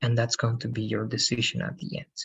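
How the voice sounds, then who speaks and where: A male English teacher explains grammar to a student and keeps checking with "right?". His voice sounds a bit husky. The audio is dull and lo-fi, like an online class. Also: mid-range voice, completely flat delivery, fairly quick, fairly bright tone. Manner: says "right?" after most sentences.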